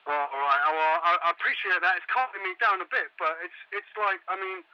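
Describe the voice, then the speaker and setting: A man's voice: sits high, brisk, bright, forceful tone, smooth, no echo. A man doing a frantic caller on a phone line. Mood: shaken. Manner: stammering, swearing, frantic. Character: panicked British male tourist trapped in a mall. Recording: muffled phone line over radio.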